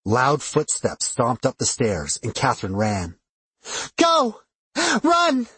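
A man narrating first-person fiction in a steady, expressive way on a close studio microphone. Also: fairly low pitch, unhurried, breathy edge, dry recording. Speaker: audiobook narrator.

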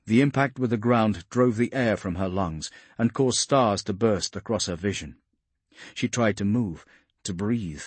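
Male audiobook narrator, somewhat low voice, husky grain, dry close sound, steady dramatic telling. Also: no room sound.

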